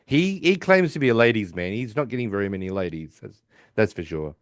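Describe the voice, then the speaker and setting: A man's voice: fairly low pitch, animated, fairly quick, dry recording, studio quality. An Australian man hosting a podcast, recapping a TV episode in a loose, rambling chat and swearing casually. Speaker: podcast host.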